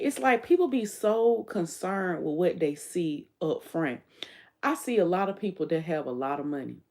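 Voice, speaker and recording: A livestream host with a lowish, darkish voice speaks candidly and emphatically, swearing freely. Her monologue is blunt and often quotes what she told other people.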